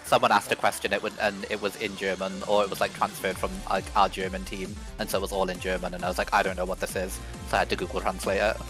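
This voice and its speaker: A man with a fairly low voice, talking casually with friends on a group call. He explains things at ease, often restarting his sentences. Faint music sits behind him. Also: fast talker, few pauses. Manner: relaxed, explanatory, stammers into sentences. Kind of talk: casual chat.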